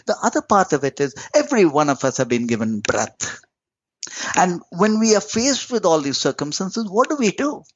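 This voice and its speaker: A man's voice: very animated, husky, dry recording. Man, spiritual teacher, swooping lyrical delivery, dull lo-fi sound. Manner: lyrical, swooping pitch, slow emphatic phrases. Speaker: spiritual teacher, podcast guest. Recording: dull lo-fi audio.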